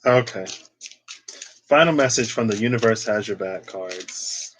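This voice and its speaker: A man's voice: fairly low pitch, a little slow, a bit bright, a little hiss or hum, rough recording. Chatty man giving a tarot reading. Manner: chatty, lots of "like" and playful asides. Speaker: tarot reader.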